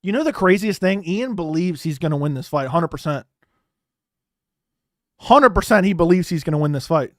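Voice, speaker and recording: Excitable young man reacting to a fight. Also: on the high side, moderate pace, long pauses, dry recording, studio quality. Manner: animated, swearing, repeats himself, bursts into loud outbursts. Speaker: host reacting to a live fight. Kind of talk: excited live watch-along chat.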